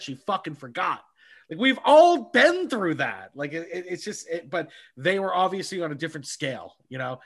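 A man co-hosting a casual film podcast, talking in an animated way, swearing a lot and acting out scenes with many restarts. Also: high-pitched, husky. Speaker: podcast co-host. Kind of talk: casual chat about films.

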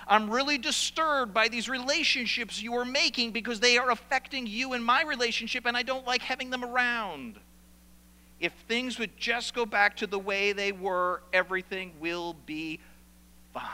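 A man's voice: high voice, moderate pace, sharp tone, big-room sound, rough recording. A man preaching a sermon as pastor, animatedly acting out the complaints of church members.

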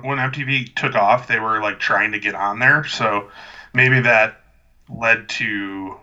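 Very bright-voiced man, slightly dull audio. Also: on the low side. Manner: chatty, rambling, dry humor. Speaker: podcast co-host. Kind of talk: casual chat.

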